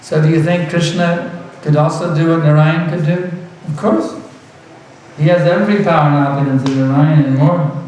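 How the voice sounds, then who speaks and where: A man's voice: on the high side, a little mellow, very echoey, far from the mic, a little hiss or hum, low-quality recording. A man giving a devotional lecture as a spiritual teacher, earnest and repeating words for emphasis, with light laughs.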